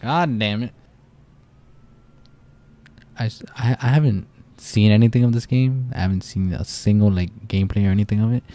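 A man's voice: fairly low pitch, normal speed, pauses often, warm tone. A young man giving casual let's-play commentary, jumpy and profane, rambling through his reactions. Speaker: gamer.

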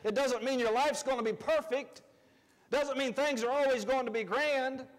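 A man preaching a sermon as pastor, conversational, swinging between loud emphatic lines and quiet asides. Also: very high voice, normal speed, in a large hall. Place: church sanctuary.

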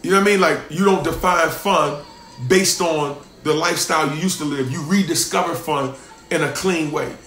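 A male pastor preaching a sermon with a high, lifted voice. He stresses points by repeating them and drops from loud bursts to quiet asides. The room is echoey, with faint music underneath. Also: moderate pace. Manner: emphatic, repeats lines for stress, swings from loud to hushed.

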